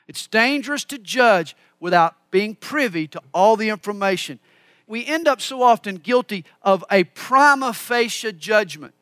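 A man with a high, bright voice delivers a sermon, working through scripture verse by verse and stopping to explain it. The sound is dry and close. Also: no echo. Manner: expository Bible teaching with asides. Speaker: preacher.

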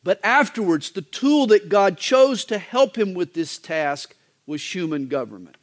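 A male pastor delivering a sermon in a folksy, joking manner, with wide swings in pitch. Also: very animated, a little slow.

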